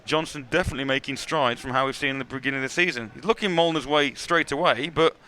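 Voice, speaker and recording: Bright-voiced play-by-play man. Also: mid-range voice, a little hiss or hum. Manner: brisk, excitable at big plays. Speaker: play-by-play commentator. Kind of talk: live sports commentary.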